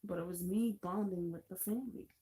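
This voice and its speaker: A woman's voice: fairly low pitch, fairly quick, warm tone. A woman live-stream host casually telling a long anecdote, chatty and laughing easily. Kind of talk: casual storytelling.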